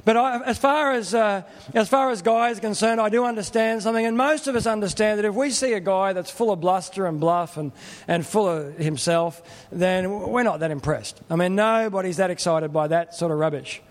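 A man's voice: high-pitched, a little fast, in a large hall. A middle-aged man preaching a sermon in a plain-spoken, earnest, conversational way. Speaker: pastor.

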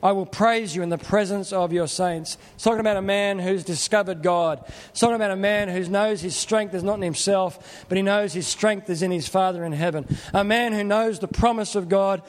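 A man's voice: sits high, fairly quick, long reverb tail. A middle-aged man preaching a sermon in a plain-spoken, earnest, conversational way. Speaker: pastor.

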